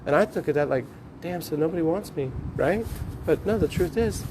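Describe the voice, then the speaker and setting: A man ranting in a rambling, profane, preachy vlog monologue, talking excitedly to his phone camera. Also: on the high side, fairly quick, background noise. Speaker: vlogger. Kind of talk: rambling selfie-video monologue. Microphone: phone on a tripod.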